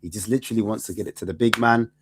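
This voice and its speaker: A man's voice: fairly low pitch, rapid-fire, background noise. A man chatting casually about football as co-host, using slang and acting out what people said. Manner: animated, street slang, acts out quotes. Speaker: co-host and fan pundit. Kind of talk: casual football podcast chat.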